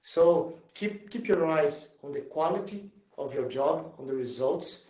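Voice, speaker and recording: Male executive speaker, slightly high voice, earnest and emphatic, picked up from a distance in a roomy space. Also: expressive, a little slow, darkish tone. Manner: earnest, emphatic, repeats himself in non-native English. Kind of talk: motivational talk and Q&A. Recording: roomy sound from far off the mic.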